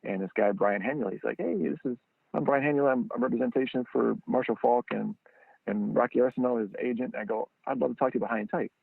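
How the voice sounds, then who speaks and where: A man telling a story as a guest on a podcast. He acts out the people he quotes with sudden high jumps in his voice. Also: fairly even intonation, fast, vocal fry, husky, no echo. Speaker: guest, training football founder. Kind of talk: animated storytelling. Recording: dry, tinny phone-line sound.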